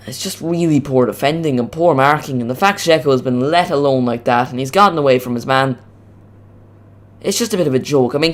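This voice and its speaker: Chatty male streamer with cracking voice. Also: mid-range voice. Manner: chatty, rambling, excitable on goals. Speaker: watch-along streamer. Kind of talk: live match commentary, casual.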